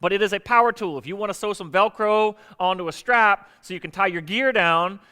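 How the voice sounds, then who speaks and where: A man preaching a sermon as pastor, animated and joking with the congregation in a church sanctuary. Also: high-pitched, fairly quick, smooth, long reverb tail.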